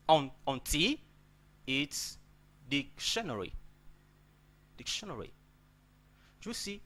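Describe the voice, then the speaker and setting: A man's voice: on the high side, fairly bright tone. A man teaching an English pronunciation lesson, repeating words and checking in with "okay?" after nearly every point.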